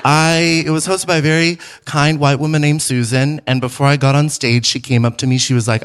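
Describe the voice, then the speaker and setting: A man performing a live stand-up comedy set in a theater, animated and quick to mimic voices, laughing between lines. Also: on the high side, clean tone. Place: theater stage before a laughing crowd.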